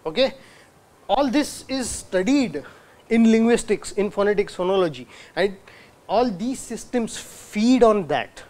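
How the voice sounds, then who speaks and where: A man's voice: high voice, animated, a little slow, darkish tone. A man giving a university lecture in a hall, asking the audience rhetorical questions and sounding out words to demonstrate. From India.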